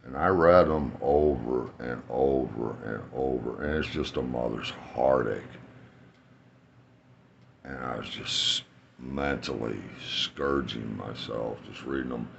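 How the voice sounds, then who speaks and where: A man's voice: rumbling low, slow, vocal fry, noisy background. A middle-aged man telling rambling, profane stories about his family in a casual vlog, laughing at his own jokes. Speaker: vlogger telling life stories. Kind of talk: casual storytelling. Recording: dull lo-fi sound with faint ambience.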